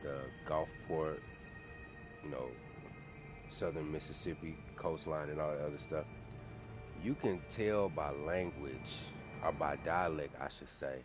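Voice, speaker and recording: A man's voice: a bass voice, fairly even intonation, a little slow, over music. A man talking casually on his own channel, rambling with restarts and self-corrections as he goes. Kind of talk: casual solo commentary.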